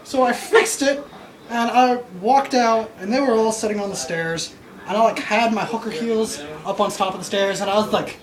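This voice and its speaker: A man telling a comic story to the camera, excitable, laughing through his lines and acting out what people said. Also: high-pitched, moderate pace. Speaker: vlogger.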